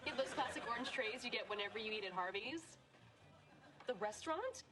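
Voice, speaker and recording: Brief: actress as brash joking sitcom woman, high, swooping. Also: expressive, fairly quick, over a noisy crowd, heavy background noise, lightly acted. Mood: enthusing. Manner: teasing, showy delivery. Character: brash joking Canadian woman, young adult. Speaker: sitcom character in a played clip.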